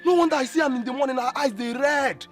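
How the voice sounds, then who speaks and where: An actor with a Nigerian Pidgin accent playing an excitable, gossipy male household worker who exclaims loudly and mixes in Igbo. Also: extremely high pitch, quick pace. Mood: animated gossip. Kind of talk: film comedy acting. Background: film score music.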